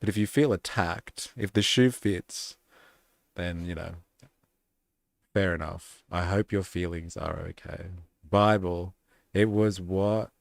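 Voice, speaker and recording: A man's voice: sits low, slow, gravelly, pauses often, dry recording. A man hosting a live stream, reading comments and policies aloud with sarcastic, muttered asides.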